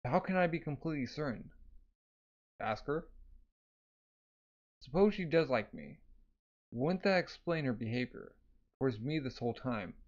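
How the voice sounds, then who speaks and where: A man's voice: medium pitch, darkish tone, lo-fi sound. A man casually reading a manga aloud, narrating with lots of fillers and sound effects. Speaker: manga reader. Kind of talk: casual manga read-along with voices.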